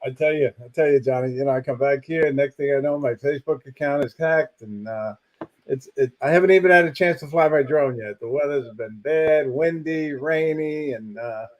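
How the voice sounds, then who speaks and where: A man's voice: medium pitch, moderate pace, dull audio. A man co-hosting a casual drone livestream, chummy and greeting viewers by name. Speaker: co-host.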